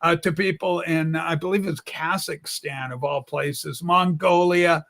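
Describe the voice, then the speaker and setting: A Canadian man on a political livestream rambles through anecdotes, acting out quoted people and dropping the odd curse. His voice sits high for a man and sounds bright and forceful. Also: steady tone, unhurried, gravelly. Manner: rambling storyteller, acts out quoted people, swears. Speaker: political talk show co-host. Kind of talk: casual political livestream chat. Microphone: livestream call mic.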